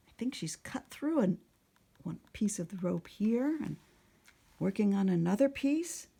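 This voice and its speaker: A woman narrating a picture book at storytime, speaking softly and often slipping into a whisper, asking the listener questions. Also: mid-range voice, creaky, husky. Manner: soft, often sliding into a whisper.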